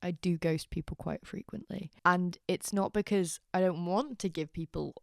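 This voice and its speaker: Young woman with a low, gravelly voice. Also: steady tone, moderate pace, dry recording, clean studio sound. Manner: candid, rambling, self-deprecating. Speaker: podcast host. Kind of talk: casual storytelling chat.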